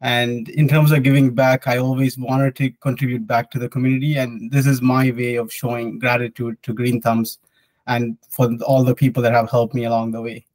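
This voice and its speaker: A man's voice: medium pitch, level tone, moderate pace, a little mellow, no echo, poor audio. A young man, an engineer, answering interview questions in a sincere, reflective way. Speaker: hydrological engineer and board member.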